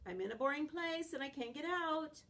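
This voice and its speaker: A woman voicing an eager, loyal pet dog in a storybook, in a higher, excited and pleading voice. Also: normal speed. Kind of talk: storybook character voice.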